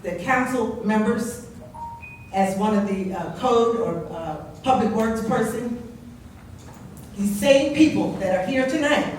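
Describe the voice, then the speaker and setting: An older woman giving an impassioned public comment at a council meeting, speaking into a podium mic and building to loud, scolding indignation. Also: a little high, a little hiss or hum. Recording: very echoey distant room recording.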